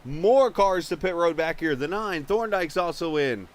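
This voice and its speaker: A man commentating a virtual stock car race live, chatting with viewers and getting excited when cars run into trouble on pit road. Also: fairly high pitch, measured pace. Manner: chatty, reads viewer chat, gets excited at incidents.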